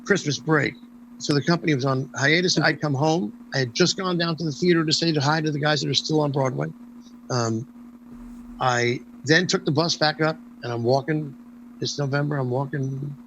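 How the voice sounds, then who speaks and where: As a guest in a casual interview, an older man tells anecdotes in a voice pitched a bit high for a man, animatedly slipping into the voices of those he quotes. The audio is poor, with a faint hum underneath.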